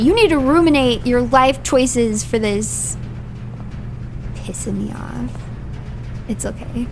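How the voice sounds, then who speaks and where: A woman's voice: a little high, a little slow, soft background music. A woman streaming a game live. She reads hints aloud, then rants in playful mock outrage and repeats phrases for comic effect. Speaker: virtual streamer.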